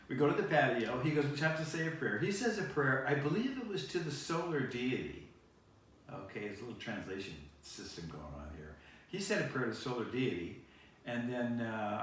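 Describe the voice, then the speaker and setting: A man's voice: medium pitch, a little hiss or hum. A man hosting a show, telling long rambling anecdotes and correcting himself as he goes. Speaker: show host. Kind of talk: casual storytelling to camera. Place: studio. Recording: echoey room, picked up from a distance.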